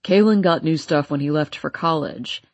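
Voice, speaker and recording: A stern middle-aged father, voiced by a woman reader, talks in a low, gruff tone. His lines are short and dismissive. The audiobook recording is close and dry. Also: normal speed, no echo, lo-fi sound. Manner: gruff, curt scolding. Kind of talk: audiobook character voice.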